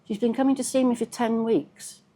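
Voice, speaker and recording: A woman's voice: a little high, level tone, moderate pace, mellow, pitched above the performer's own voice, natural voice. A woman reading the lines of a worried female psychotherapist who asks anxious, earnest questions.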